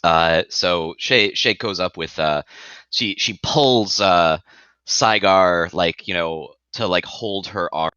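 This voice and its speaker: A man playing in a tabletop game, describing his character haltingly with many fillers. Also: low voice, sharp tone, smooth, no room sound, muffled recording. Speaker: player.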